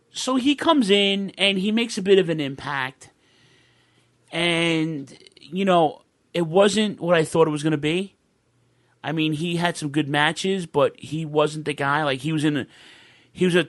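Excitable rambling man telling a story. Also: fairly high pitch. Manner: rambling, restarts often, swears, excitable. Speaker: podcast guest telling a wrestling fan story. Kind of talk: casual storytelling on a video call podcast.

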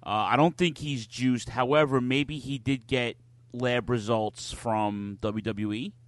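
A man's voice: mid-range voice, fairly even intonation, a little slow, no room sound. A man co-hosting a live wrestling podcast, talking casually and bluntly, swearing freely as he rants. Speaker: podcast co-host.

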